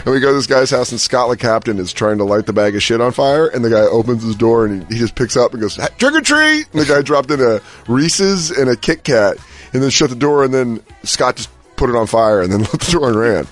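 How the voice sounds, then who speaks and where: A man co-hosting a casual chat show, telling stories with lively delivery and putting on little voices. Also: mid-range voice, brisk. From American. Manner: animated storyteller, acts out voices and shouts. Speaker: podcast co-host.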